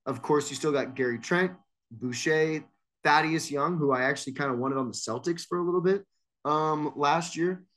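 A man's voice: on the high side, moderate pace, a bit bright. A man on a sports podcast, chatting casually and calling his picks with confidence. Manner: decisive, leads through the picks.

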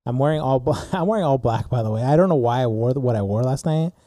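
A man's voice: medium pitch, expressive, fast, mellow, no echo, studio quality. A young man telling a story in casual chat, acting out the dialogue with lots of filler words. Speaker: podcast co-host telling a story.

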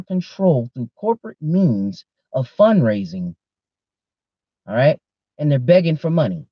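A man's voice: on the high side, sing-song, normal speed, no echo. A man hosting a podcast, ranting in a casual, profane way and talking straight to his listeners on a dull lo-fi recording. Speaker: podcast host. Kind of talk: casual rant.

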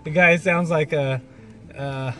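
A man with a notably high voice hosts a casual podcast chat. He talks in laid-back, profane banter. Faint music plays underneath. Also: fairly even intonation, slow, fairly bright tone. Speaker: podcast host.

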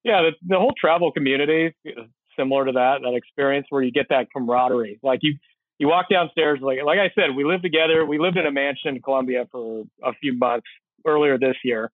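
A man talking in a relaxed, reflective way as a podcast host. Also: mid-range voice, fast, no room sound. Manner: relaxed, reflective, brief backchannels. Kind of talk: casual chat. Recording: tinny phone-like line.

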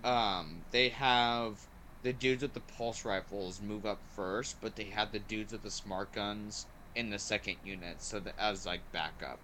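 A man chats casually as a podcast host. His voice is bright and forward. He rambles with eager energy, leaning on "like" and "um" between thoughts. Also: lowish voice, a little slow, a little hiss or hum. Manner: excited and rambling, heavy use of "like" and "um". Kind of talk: casual movie review chat.

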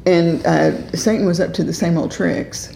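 A woman co-hosting a devotional talk, earnest and speaking in quick emphatic bursts. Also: lowish voice, steady tone, creaky, dark tone, roomy sound, a little hiss or hum, poor audio. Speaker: co-host. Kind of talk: conversational devotional discussion.

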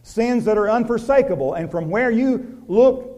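A pastor preaching a sermon, moving from loud urgent passages to hushed, quiet ones and asking the congregation direct questions. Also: male voice, animated, moderate pace. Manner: preaching with wide swings from loud urgency to hushed, low intimacy.

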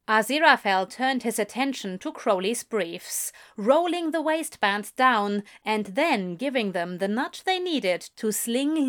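Slow, calm woman reading fiction aloud. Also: medium pitch. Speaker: reader.

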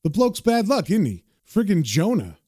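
A man's voice: sits high, huge pitch swings, normal speed, dark tone, husky, dry recording, clean studio sound, voice pushed up, exaggerated voice. A man reading comic dialogue, voicing a blunt, gossiping man behind a restaurant counter in a slightly raised voice.

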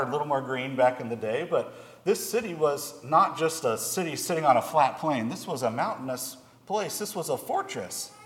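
A man's voice: fairly high pitch, fairly bright tone. A man preaching a sermon, reading scripture aloud and then explaining it in plain, earnest words. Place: church hall. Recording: echoey hall, long reverb.

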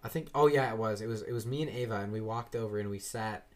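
A young man in casual chat, rambling through stories with lots of swearing and acted-out quotes. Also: fast talker. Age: young adult. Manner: rambling, swearing, acts out quoted voices with big jumps up in pitch.

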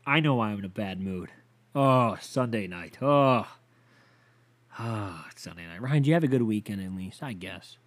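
A man hosting a podcast, ranting casually and profanely, sighing often and swinging between loud outbursts and low muttering. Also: animated, moderate pace. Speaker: podcast host.

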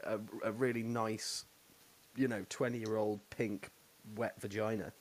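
A man's voice: lowish voice, measured pace, a little hiss or hum. A man, host of a casual chat, telling crude stories and laughing as he goes. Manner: animated, laughing storyteller.

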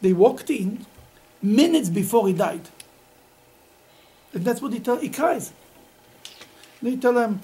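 Animated rabbi teaching with laughter. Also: male voice, very high voice, measured pace, pauses often, low-quality recording. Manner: animated, laughing, Yiddish-sprinkled storytelling. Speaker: rabbi teaching a Talmud class. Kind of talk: informal Talmud class with students.

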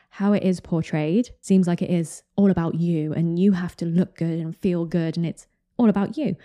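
A woman's voice: lowish voice, mellow. A woman giving casual solo commentary in a chatty, conversational and opinionated way. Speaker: podcast commentator.

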